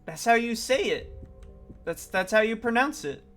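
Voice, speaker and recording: A man's voice: very high voice, expressive, normal speed, fairly bright tone, faint music behind. A man streaming a game, thinking aloud in a chatty, self-deprecating way. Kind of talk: casual let's-play commentary.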